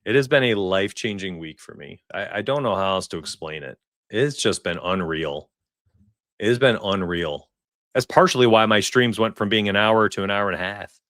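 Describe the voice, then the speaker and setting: Brief: forties male stream host, chatty and excitable, dry close sound. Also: fairly low pitch, moderate pace, dry recording. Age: 40s. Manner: excitable, chatty, laughs often. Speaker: sports betting livestream host. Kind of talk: casual livestream chat.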